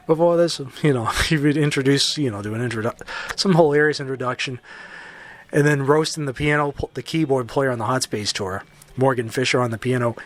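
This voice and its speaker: A man's voice: mid-range voice, fairly quick. A man hosting a solo podcast, talking casually with opinionated, jokey asides. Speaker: podcast host.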